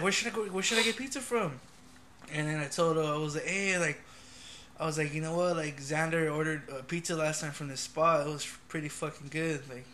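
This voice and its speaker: Bright-voiced young man, loose and profane. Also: on the high side, a little hiss or hum. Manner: profane, laughing storytelling. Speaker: podcast host. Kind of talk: casual chat.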